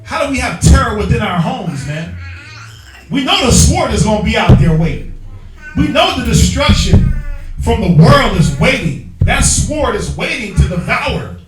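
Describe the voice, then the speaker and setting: A man teaching from the Bible in an emphatic, slangy street style, prodding his reader with quick call-and-response. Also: sits high, big pitch swings. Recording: echoey room, distant mic, faint music.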